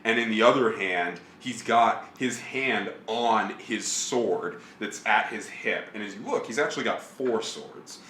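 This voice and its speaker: A man's voice: lowish voice, unhurried, few pauses, bright, forceful tone, a little hiss or hum. A man narrating a tabletop role-playing game as game master, rambling with lots of fillers and vivid description. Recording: roomy echo, faint music behind.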